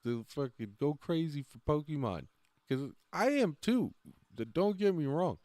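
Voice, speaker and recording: A man's voice: fairly high pitch, sing-song, a little slow, darkish tone, no echo. A man talking casually on a livestream, rambling, often trailing off and laughing between thoughts. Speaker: livestream host.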